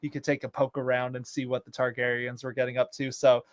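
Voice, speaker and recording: A man's voice: medium pitch, monotone, quick pace, no room sound. A man co-hosting a casual show, rambling and ranting, full of fillers. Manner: ranting, exasperated. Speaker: podcast co-host. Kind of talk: casual chat.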